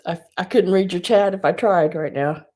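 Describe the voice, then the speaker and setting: A woman hosting an online live sale, tearful and crying, talking haltingly and often dropping to a whisper. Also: lowish voice, mellow. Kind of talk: emotional live-stream chat.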